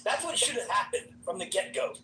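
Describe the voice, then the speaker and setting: A man with a bright, lively voice, arguing and swearing as he presses for the moderators to step in. He sits back from the mic, with a faint hum under the voice-chat audio. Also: high-pitched, a little fast, recorded from a distance. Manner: angry, profane, demanding moderators act. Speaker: room participant. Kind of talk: heated voice-chat argument.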